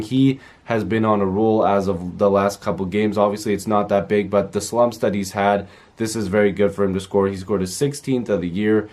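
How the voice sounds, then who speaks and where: A man's voice: lowish voice, darkish tone. A man recapping a hockey game in a chatty, rambling way with many fillers. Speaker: hockey fan video host.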